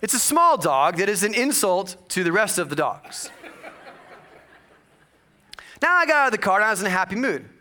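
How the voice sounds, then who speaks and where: A male pastor preaching a sermon, telling a personal story with humor and bursts of loud excitement. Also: high voice, quick pace. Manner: animated storytelling with jokes and sudden loud bursts.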